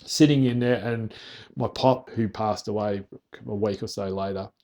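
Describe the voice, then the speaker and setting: A man's voice: fairly low pitch, fairly even intonation, normal speed, mellow. An Australian farmer, a man, telling rambling stories in a casual podcast chat and dropping in local slang. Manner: rambling, with restarts and Aussie slang. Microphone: sitting face to face with the host.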